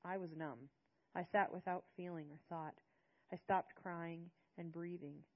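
A woman narrating a first-person audiobook in a hushed, sorrowful manner. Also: on the low side, fairly even intonation, a little slow, dull audio.

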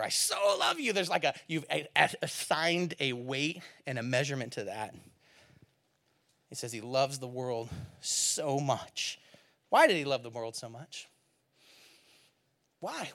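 A man preaching a sermon, moving between quiet, low asides and loud, emphatic passages while reading scripture aloud. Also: expressive, normal speed. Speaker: pastor.

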